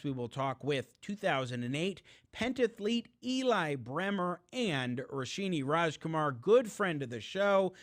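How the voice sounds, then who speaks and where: An upbeat man opening his political talk show with a quick, scripted announcer delivery. His voice sits a bit above average in pitch. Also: a bit bright. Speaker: podcast host.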